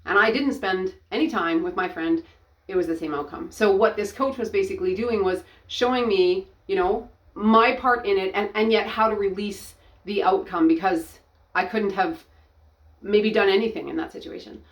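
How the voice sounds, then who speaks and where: A middle-aged woman giving a personal testimony, talking earnestly and haltingly, often restarting her sentences. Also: medium pitch. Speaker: ministry founder and coach.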